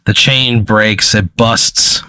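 A man leads an improvised hypothetical scene as game master, rambling and hesitating with lots of fillers. His voice sits a little low and sounds bright and forceful. The recording is dry and close. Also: fairly even intonation, takes it slowly, clear, resonant tone, dry recording, rough recording.

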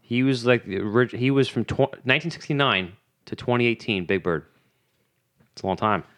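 A man's voice: fairly quick, a bit bright. A man co-hosting a podcast, chatting casually and jokily. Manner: jokey, breaks into silly high character voices. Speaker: podcast co-host. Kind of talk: casual banter.

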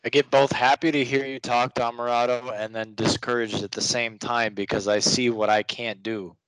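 A man on a group video call, quietly and self-doubtingly talking about his frustration. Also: mid-range voice, little pitch movement, moderate pace, rough recording. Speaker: call participant seeking guidance.

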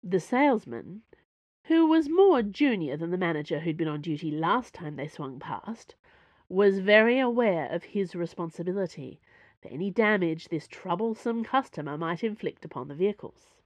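Woman reading her own serial story, lively and expressive, lowish voice, dry studio. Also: normal speed, no room sound. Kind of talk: scripted fiction narration.

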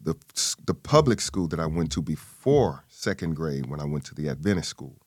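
A man's voice: normal speed, husky, dry recording, clean studio sound. A man telling a personal family story in an interview, acting out the people he quotes. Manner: animated, acts out quoted voices with big pitch jumps. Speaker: guest.

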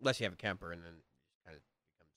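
A man's voice: deep voice, fast talker, pushed and bright. Joking man in his thirties. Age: 30s. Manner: joking, brief interjections. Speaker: podcast co-host. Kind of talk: casual chat.

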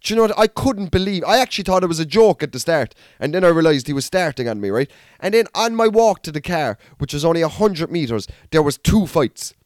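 Rich: An Irish man hosting his own podcast, ranting through a comic story with blunt, swear-filled energy. His voice sits a little above the usual male pitch, and the sound is close and dry, with no room around it. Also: brisk, no echo. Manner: blunt, profane, animated storytelling. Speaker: stand-up comedian and podcast host. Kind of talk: comic rant.

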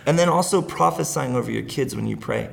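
Creaky-voiced middle-aged man, earnest. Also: medium pitch, fairly quick. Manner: earnest, rambling, laughs while talking. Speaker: guest. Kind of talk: casual interview conversation.

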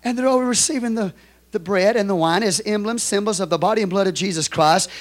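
A man with a Texan accent preaching a sermon as pastor, moving from quiet storytelling to loud, shouted exhortation. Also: high-pitched, a little fast.

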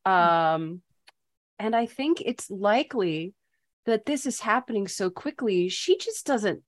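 A woman playing a tabletop game, describing her character with chatty, halting speech. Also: medium pitch, lively intonation, no echo. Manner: chatty, hesitant, many restarts. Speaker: player.

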